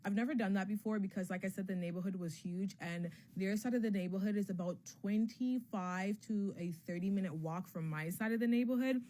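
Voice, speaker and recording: A young woman casually telling a personal story for a vlog, candid and profane, with lots of filler words and an emotionally animated delivery. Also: medium pitch, a little fast, hardly any pauses.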